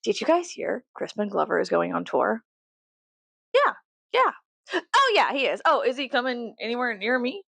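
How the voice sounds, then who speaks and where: A woman's voice: fairly high pitch, big pitch swings, moderate pace, vocal fry, a bit bright, dry recording. A young woman from Texas rambling casually and profanely to camera as a vlogger, jokey and chatty.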